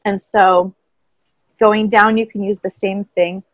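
Woman guest, calm explainer, middle pitch, dry close mic. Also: takes it slowly, no room sound, rough recording. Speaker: voice coach guest. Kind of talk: casual interview chat. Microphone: own microphone, remote call.

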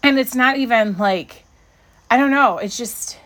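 Animated, rambling woman podcast co-host. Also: measured pace. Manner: rambling, lots of fillers and restarts; animated, jumps to high pitch when excited. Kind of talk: casual chat reviewing an episode.

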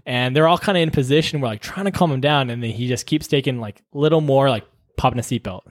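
A man's voice: medium pitch, fast talker, no room sound, studio quality. A man telling a story from his paramedic work in casual chat, acting out what people said and swearing freely. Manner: animated storytelling, acts out quotes, swears freely.

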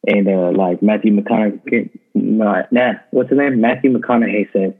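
Husky man on a tinny phone line. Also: lowish voice, fairly even intonation, moderate pace. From Texas. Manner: laid-back, joking. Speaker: podcast co-host. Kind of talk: casual podcast chat.

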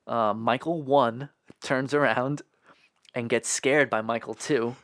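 A man's voice: mid-range voice, fairly even intonation, a bit bright, no echo, clean studio sound. A man co-hosting a podcast, casually recapping a movie scene by scene with lots of fillers. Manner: laid-back, filler-heavy retelling with quick impressions. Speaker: podcast co-host.

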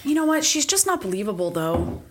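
A young woman co-hosting a casual podcast, telling quick stories and laughing often. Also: mid-range voice, very animated, very noisy. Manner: chatty, quick storyteller who laughs a lot. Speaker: podcast co-host. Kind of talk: casual chat.

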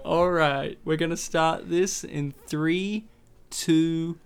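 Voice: medium pitch, fairly even intonation, slow, clear, resonant tone. A podcast host chatting casually over a movie, teasing co-hosts with sarcastic jokes and frequent laughter. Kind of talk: casual movie commentary chat.

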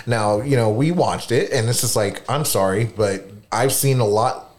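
A man's voice: mid-range voice, normal speed. A man co-hosting a casual podcast, telling rambling stories with swearing and acted-out dialogue. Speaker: podcast co-host. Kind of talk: casual storytelling chat.

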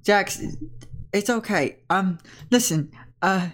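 A woman voicing a kindly male Pokémon trainer who talks gently, stammering and halting. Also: mid-range voice, voice pushed up, lightly acted. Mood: tender.

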